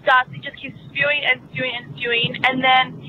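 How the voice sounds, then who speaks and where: A woman's voice: high-pitched, level tone, moderate pace, phone-quality sound, slight background noise. A young woman leaving a chatty voice message, telling a story in an exasperated tone. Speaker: caller.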